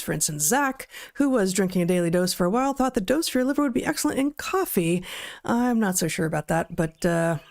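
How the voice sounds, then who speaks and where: A woman co-hosting a podcast, talking casually with a dry, wry manner that is a bit halting at times, and reading sponsor ads. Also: medium pitch, a little mellow. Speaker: podcast co-host. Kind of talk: casual chat and read ad.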